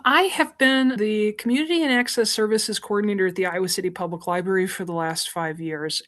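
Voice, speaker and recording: A woman from the United States, a librarian and association president, talking enthusiastically in a podcast interview, often saying "like" and restarting phrases. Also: lowish voice. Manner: enthusiastic, chatty, many "like"s and restarts.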